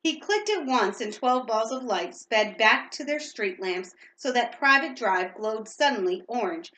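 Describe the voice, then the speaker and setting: A woman's voice: a little high, expressive, measured pace, sharp tone, roomy sound, rough recording. A woman reading a storybook aloud to a child at home, reading steadily and stopping now and then to ask questions.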